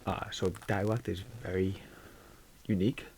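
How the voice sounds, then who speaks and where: Soft-spoken rambling YouTube guy. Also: sits low, little pitch movement, normal speed, creaky, a little hiss or hum. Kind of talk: casual vlog chat.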